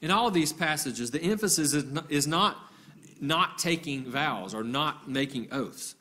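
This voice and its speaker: A man with a somewhat high voice preaches a sermon. His teaching is measured and methodical, and he reads scripture passages aloud. Now and then he stops to restart a phrase. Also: animated, bright, forceful tone. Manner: occasional hesitant restarts.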